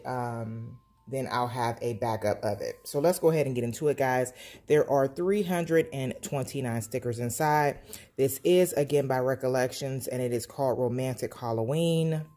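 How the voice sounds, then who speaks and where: At home, a planner vlogger reviews a sticker book casually for her planner channel, gushing with enthusiasm and repeating her praise. She has a very deep, warm voice.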